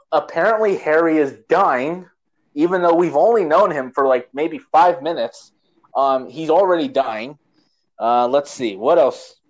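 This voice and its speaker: A man in casual movie-review chat, his voice sitting a little high. He rambles, restarts his sentences and tosses in sarcastic digs. His delivery is loose and conversational. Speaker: podcast co-host, movie reviewer.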